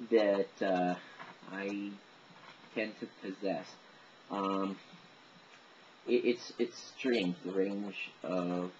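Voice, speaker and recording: A man chatting casually as he demonstrates his voices, rambling and self-deprecating. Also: fairly low pitch. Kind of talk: casual chat to camera. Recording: dull lo-fi recording with faint noise.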